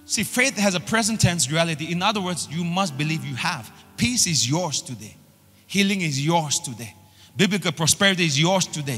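A man preaching a sermon in a somewhat high, husky voice, hammering his points through repeated phrases. His voice carries a long reverb, as if in a large hall, with faint music underneath. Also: fairly bright tone. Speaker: pastor.

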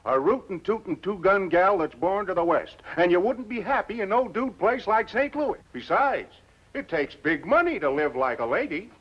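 A man's voice: sits high, animated, moderate pace, breathy edge. An actor playing a chatty townsman with folksy, teasing talk, from a muffled old TV soundtrack. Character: chatty male townsman customer. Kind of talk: 1950s TV western acting.

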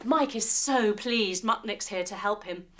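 A woman's voice: medium pitch, measured pace, a bit bright, a little hiss or hum. A woman teaching yoga to children through a playful story, full of sound effects and guiding instructions.

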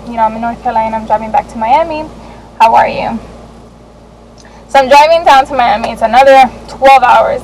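A young adult woman vlogging, telling a candid personal story in an animated way, with laughs and the odd swear. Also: sits high, slight background noise, poor audio.

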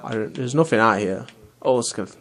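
A man's voice: medium pitch, a little fast, a bit bright, soft background music. A young man, casually rambling and swearing as he commentates his own gameplay. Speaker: let's play host.

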